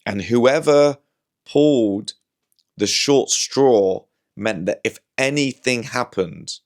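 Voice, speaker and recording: A man's voice: mid-range voice, takes it slowly. A man talking casually to camera at home, chatty and wry, often trailing off and restarting. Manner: chatty, wry, self-interrupting. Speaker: comedian vlogger. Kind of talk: casual rambling monologue.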